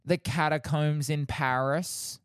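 A man's voice: a little high, steady tone, slow pace, fairly bright tone, clear, resonant tone, no room sound, clean studio sound. Teasing Australian man on a podcast. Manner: teasing, quizzing. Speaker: podcast co-host. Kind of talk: casual chat.

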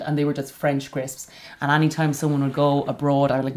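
An Irish woman in her forties chatting casually, telling lively stories and acting out what people said. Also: low-pitched, a little fast. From Ireland. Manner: animated storytelling, acts out quotes. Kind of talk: casual podcast chat.

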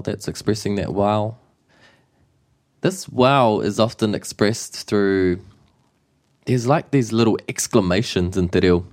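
A man with a New Zealand accent gives a casual, playful te reo Māori lesson, mixing Māori and English with lively exclamations. His voice is fairly low-pitched with vocal fry.

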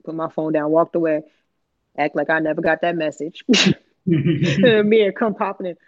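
A parent hosting a podcast, telling animated, slangy stories about the kids and acting out the family's lines. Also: mid-range voice, normal speed, no room sound, dull audio. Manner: animated, laughing, slangy, acts out family dialogue. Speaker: podcast host. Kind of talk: casual storytelling chat.

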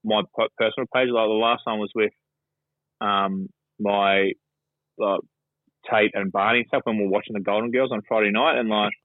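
A man's voice: fairly low pitch, steady tone, normal speed, no room sound. An Australian man chatting about sport as a guest pundit, rambling and swearing, with plenty of fillers. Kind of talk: casual sports chat. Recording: dry phone-line call.

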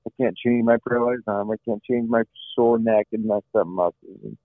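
A man's voice: on the low side, steady tone, fairly quick, no room sound. A middle-aged man, an interview guest, telling his own story in an earnest way, repeating phrases and often saying "you know". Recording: dry, phone-like line.

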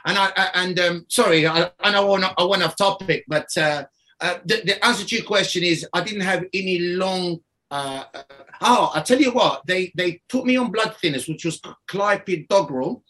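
A man's voice: high-pitched, moderate pace, bright, forceful tone. A man speaking as a guest, telling his story in a rambling, casual way, often restarting and laughing.

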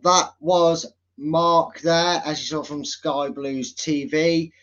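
A man's voice: fairly high pitch, steady tone, slow, a bit bright. A man hosting a casual football podcast, chatty and teasing, often calling people mate. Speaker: podcast host. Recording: slightly dull lo-fi sound.

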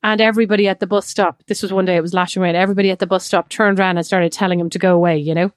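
Animated Irish woman telling a story. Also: fairly low pitch, very fast, no echo, studio quality. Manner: animated storyteller, many quoted asides. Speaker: podcast co-host. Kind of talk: casual chat, storytelling.

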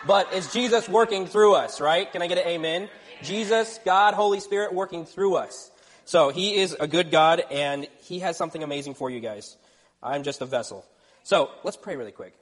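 A young man from Texas, serving as youth pastor, preaching a lively, joking sermon in a church. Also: sits high, normal speed. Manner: energetic, joking, playful asides. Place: church sanctuary. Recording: reverberant church hall.

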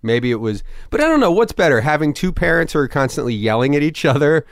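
A man's voice: a little high, sing-song, fast talker, dry recording, studio quality. A man in his thirties from Philadelphia, a comedian guest telling family stories in a loose, rambling way, with casual swearing. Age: 30s. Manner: rambling, restarts sentences, swears casually, acts out relatives. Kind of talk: casual podcast conversation.

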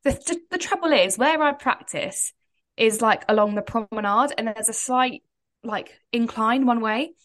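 A woman's voice: on the high side, normal speed, a bit bright. A woman, co-hosting a podcast in a rambling, chatty way and laughing often. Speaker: podcast co-host. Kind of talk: casual chat.

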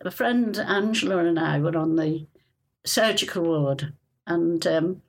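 An older woman from Liverpool recalls her nursing days in a chatty storyteller's manner. Her voice sits low and has a gravelly texture with a husky edge. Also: a little slow. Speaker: retired nurse, interviewee. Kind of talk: oral history interview, storytelling.

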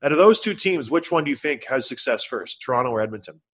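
Bright, animated man talking hockey. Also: mid-range voice, fast, breathy edge. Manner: animated, jokey, bursts into loud bits. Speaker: sports podcast co-host. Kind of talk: casual sports chat.

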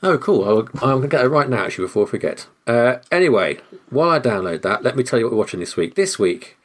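A man hosting a podcast in casual chat, jokey and quick to laugh. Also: mid-range voice. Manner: lively, jokey, laughs easily. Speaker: podcast host.

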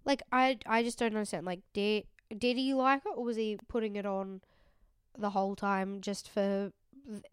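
Sarcastic woman, smooth voice. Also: medium pitch, steady tone, normal speed, no room sound, clean studio sound. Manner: sarcastic, blunt, swears. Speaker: podcast co-host. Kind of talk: casual chat recapping a reality show.

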